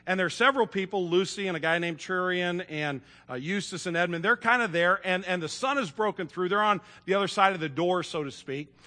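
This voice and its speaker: A man delivers a sermon in a folksy, animated manner, stumbling over fillers as he retells a story. His voice is high and bright. A long reverb from a large church hall hangs behind every word. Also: brisk, hardly any pauses. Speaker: pastor. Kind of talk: sermon with read-aloud story.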